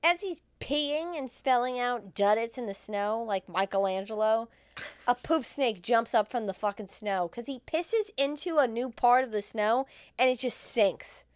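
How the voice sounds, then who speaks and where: A woman's voice: fairly high pitch, unhurried, no echo. A woman co-hosting a comedy podcast, recapping a film in crude, laughing chat and acting out the lines.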